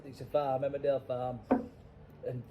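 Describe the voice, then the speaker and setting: A man's voice: medium pitch, completely flat delivery, moderate pace, background noise. Teasing Yorkshire man hosting a podcast. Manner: joking, teasing interviewer. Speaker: podcast host. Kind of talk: casual chat.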